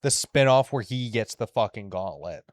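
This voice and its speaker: A man co-hosting a casual podcast, talking loosely with swearing and halting fillers. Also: lowish voice, expressive, no echo, clean studio sound. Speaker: podcast co-host. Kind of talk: casual chat.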